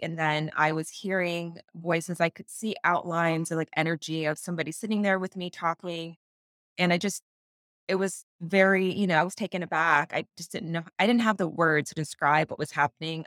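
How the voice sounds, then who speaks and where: A woman in her thirties tells a personal story as a podcast guest, her voice a little low. She is animated, laughs often and acts out the voices she quotes. The sound is close and dry. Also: dry recording. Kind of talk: casual storytelling in an interview.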